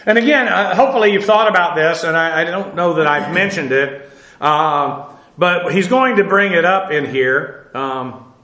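A man teaching a Bible study on the Greek text, speaking haltingly with many fillers and spelling out words letter by letter, in a classroom. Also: on the high side, sharp tone. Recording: echoey room.

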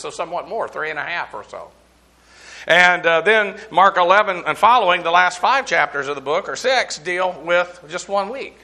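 A man leads a verse-by-verse Bible lesson in a conversational teaching manner. His voice is bright and sits a little high for a man. He breaks down Greek terms and spells them letter by letter, with frequent fillers along the way.

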